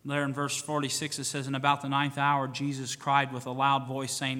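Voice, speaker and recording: Bright-voiced pastor preaching in a reverberant church. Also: male voice, medium pitch, little pitch movement, moderate pace, few pauses. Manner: swings from loud fervent preaching to hushed solemn tones. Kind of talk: sermon. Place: church sanctuary. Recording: long church hall reverb.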